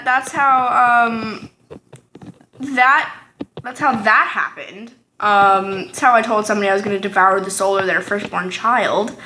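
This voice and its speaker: Talking to her camera in a home kitchen, a teenage girl with a slightly high voice rambles through a casual storytime chat full of ums, likes, and tangents. The background is noisy and the room echoes.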